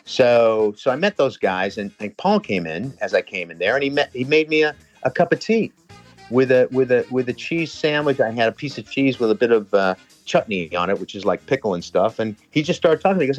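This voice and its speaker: A man telling a lively, swearing anecdote in a casual chat, talking fast. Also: medium pitch, muffled recording, faint music behind. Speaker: personal trainer telling a story.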